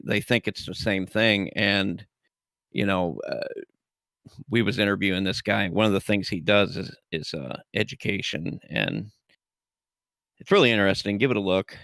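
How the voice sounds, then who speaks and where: A gravelly, low-pitched man from the United States hosts a casual livestream chat. He rambles and halts with many fillers, and his voice is clear and resonant. The recording is dry and close. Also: bright, forceful tone, no room sound. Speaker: podcast host.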